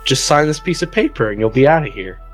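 A brash, foul-mouthed man in casual tabletop game chat, joking at an ordinary pitch. Soft music plays underneath. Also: animated, fast. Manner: brash, profane, laughing.

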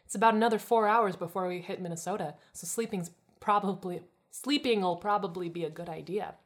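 A woman's voice: medium pitch, fairly quick. A woman casually chatting and reading fan fiction aloud, breaking into laughs as she reads. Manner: laughs often while reading.

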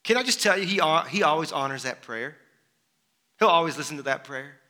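A man preaching a sermon, animated and full of rhetorical questions. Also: on the high side, fairly quick. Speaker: pastor.

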